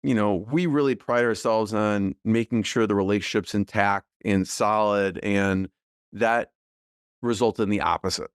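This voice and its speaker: A middle-aged man, a podcast guest, talking casually and thoughtfully with many fillers and soft laughs. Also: on the low side, normal speed, clean tone, dry recording, clean studio sound. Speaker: podcast guest, business co-founder. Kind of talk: casual interview conversation.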